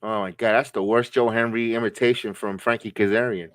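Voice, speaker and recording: A man's voice: lowish voice, steady tone, brisk, fairly bright tone, no room sound. Laughing man reacting live on stream. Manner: chatty, reacting with laughs and jokes. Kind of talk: casual wrestling watch-along commentary.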